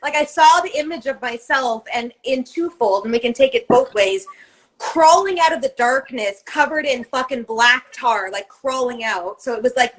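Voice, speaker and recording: High-voiced woman, rambling and emphatic. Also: fairly bright tone, rough recording. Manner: rambling and emphatic, swears often. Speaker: co-host. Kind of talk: casual podcast chat.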